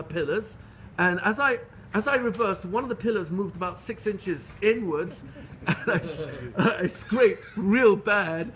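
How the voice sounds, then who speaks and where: A middle-aged rabbi giving a Torah lecture, telling stories in an earnest, animated way with frequent restarts. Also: male voice, high-pitched, slight background noise. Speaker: rabbi teaching a class.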